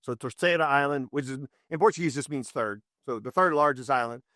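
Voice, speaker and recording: A man who writes books, telling a story in an enthusiastic, casual way and swinging his voice up high when he quotes people. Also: a little fast, pushed and bright, no echo, clean studio sound. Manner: enthusiastic, with big pitch jumps when quoting people. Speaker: author and storyteller.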